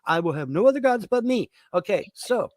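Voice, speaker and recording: A man rants through his show in a profane, repetitive stream, tripping over fillers. His voice sits a bit high for a man and sounds close and dry. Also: very animated, a little fast, a little mellow, no echo. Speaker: host. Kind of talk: ranting commentary.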